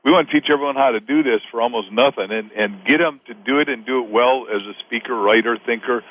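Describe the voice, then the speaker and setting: A man's voice: quick pace, narrow, tinny audio. A male author being interviewed, talking in a rambling, motivational way, often repeating himself. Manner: rambling, repeats words, pitches his offers. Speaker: author and guest.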